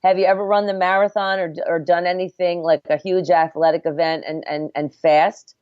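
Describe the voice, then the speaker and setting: A woman's voice: lowish voice, flat delivery, moderate pace, clear, resonant tone, no room sound. A middle-aged woman, a midwife and former obstetric nurse, telling her story earnestly and reflectively in a conversational interview. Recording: dull, dry lo-fi audio.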